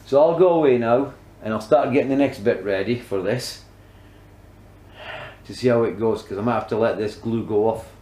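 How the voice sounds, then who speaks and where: A man's voice: medium pitch, normal speed, warm tone, reverberant, slight background noise, low-quality recording. A man filming a casual woodworking demonstration, talking himself through each step and often muttering under his breath. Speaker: DIY woodworking vlogger.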